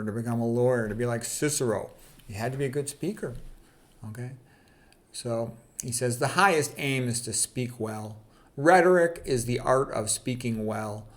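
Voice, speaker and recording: Brief: man, mid-pitched, easygoing solo talk, reads quotes and comments offhand, peppered with "okay". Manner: conversational, fillers like "okay" and "you know", opinionated asides. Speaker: channel host. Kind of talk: casual talk reading quotes.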